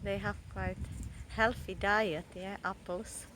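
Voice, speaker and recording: A woman's voice: mid-range voice, fairly even intonation, takes it slowly. A woman giving casual travel commentary in a park by the beach, chatting and laughing often between remarks. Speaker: vlogger. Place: outdoor park near a beach. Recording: outdoor background noise, birds.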